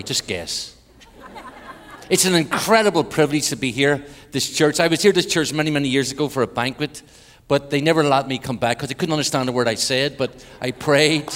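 A man's voice: medium pitch, fairly quick, slight background noise. A man with an Irish accent, a visiting preacher giving a sermon full of jokes and prayer to a congregation. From Ireland. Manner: joking with the congregation, then hushed prayer. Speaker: guest preacher. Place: large church. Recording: long church hall reverb.

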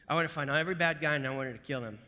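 A man from the United States, a military veteran, telling his story to a live audience in an animated way, dropping to hushed asides and then punching out loud bursts. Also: a little high, racing. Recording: echoey hall with long reverb.

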